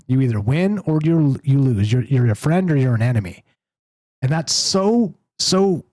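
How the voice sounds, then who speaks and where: A man hosting a call-in show, talking in an animated, emphatic way about ideas. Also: mid-range voice, slightly rough, dry recording. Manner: animated, emphatic, rising to exasperated. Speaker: show host. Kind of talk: casual call-in chat.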